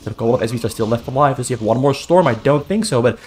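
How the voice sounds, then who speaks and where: A man casts a strategy game match solo in a steady mid-pitched voice. He talks in a brisk, running play-by-play and doubles up on the big calls for emphasis. Faint music plays quietly underneath. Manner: brisk running commentary, repeats key phrases for emphasis. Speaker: esports caster.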